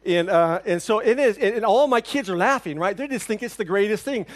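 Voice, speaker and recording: A man preaching a sermon, telling a personal story with lively, animated delivery that drops to hushed, somber tones. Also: high voice, fairly quick, few pauses. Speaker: pastor.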